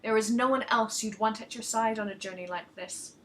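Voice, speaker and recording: A woman voicing an old crone in a storybook reading, wise and impatient, talking slowly and sometimes dropping to a hush. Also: a little high, slight background noise, lightly acted. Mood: knowing.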